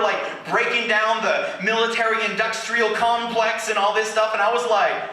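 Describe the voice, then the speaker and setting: A man from California joking with an audience in a live question-and-answer set, animated and teasing. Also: sits high, fairly quick. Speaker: slam poet performer. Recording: echoey venue from far off, noisy.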